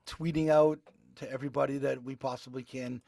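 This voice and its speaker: A man's voice: mid-range voice, flat delivery, fairly quick, creaky, dark tone, no echo. A middle-aged man co-hosting a podcast, telling stories in a rambling, amused way. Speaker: podcast co-host. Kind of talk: casual podcast chat.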